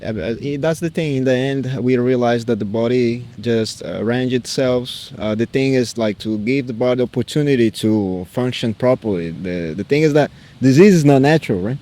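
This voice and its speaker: A man hosting a casual chat, relaxed, backing up the talk with brief laughs and affirmations. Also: medium pitch, moderate pace, hardly any pauses.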